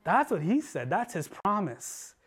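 A man preaching a sermon as a pastor, earnest and building, often dropping his voice low and soft for emphasis. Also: very animated, measured pace, slightly rough. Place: church livestream.

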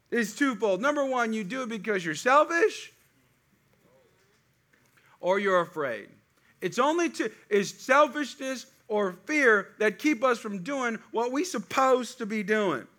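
Animated, bright-voiced male preacher. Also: very high-pitched, unhurried, long pauses. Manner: animated preaching with call-and-response. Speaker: pastor. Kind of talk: sermon.

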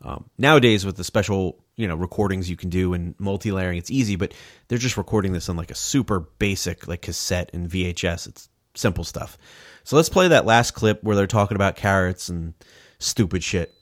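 A man hosting a podcast in casual comedic chat, animated and mock-outraged, swearing freely. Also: low-pitched, fairly quick, dry recording, studio quality. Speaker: podcast host.

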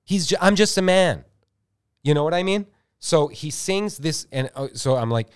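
A man's voice: fairly high pitch, lively intonation, normal speed, smooth. A man co-hosting a podcast, improvising a comic story in a rambling, filler-heavy, self-interrupting way. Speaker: podcast co-host.

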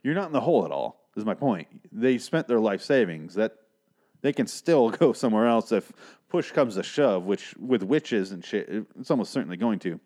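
A man's voice: fairly low pitch, big pitch swings, moderate pace, a little mellow. A man hosting a podcast, recapping a TV episode in a casual, profane, sarcastic and rambling way. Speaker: podcast host.

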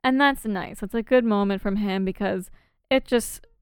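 A young woman in casual conversation, chatty and quick to laugh, her words spilling out between little fillers. Her voice comes through smooth and clear, with a close, dry sound and no room echo. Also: mid-range voice. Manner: chatty, laughs often, many fillers and restarts. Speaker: podcast co-host. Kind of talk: casual chat.

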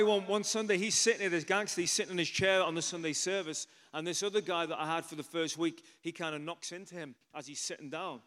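A man, a pastor telling a story in a sermon, chatty and animated with frequent asides. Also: a little high, in a large hall.

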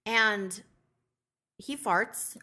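Bright-voiced woman telling a story. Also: mid-range voice, extremely slow. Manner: animated storyteller, swears freely, acts out quotes. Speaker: podcast host. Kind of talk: casual chat.

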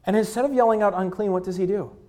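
A man in his thirties preaching a sermon in a conversational way, with fillers, dropping to a hushed voice at tender moments. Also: high voice, rapid-fire. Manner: drops to a hushed voice at moving moments. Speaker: pastor.

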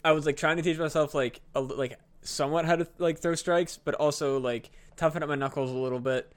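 Slightly high-voiced, halting podcast co-host. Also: male voice, fairly even intonation, smooth. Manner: filler-heavy, halting delivery with lots of "like". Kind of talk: casual podcast chat.

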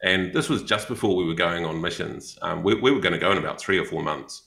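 Gravelly New Zealand man, bright and roomy. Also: low-pitched, fast talker. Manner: rambling, many fillers and restarts. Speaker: podcast co-host, missionary. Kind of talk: casual storytelling chat.

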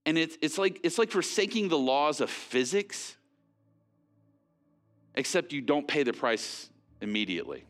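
A man preaching a sermon in a conversational, animated way, with frequent fillers and restarts. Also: fairly high pitch, unhurried. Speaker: pastor.

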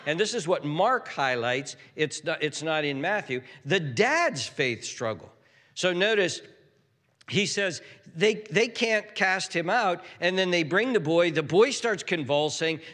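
A male pastor preaches in a high, bright voice that swoops up and down with emphasis. He often restarts his sentences and acts out quotes as he goes. A long reverb rings through the hall around him. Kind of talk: sermon.

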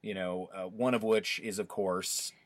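A man's voice: sits low, steady tone, a little slow, no echo. A man co-hosting a podcast in casual chat, rambling and restarting his sentences often. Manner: chatty, rambling with many restarts. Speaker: podcast co-host.

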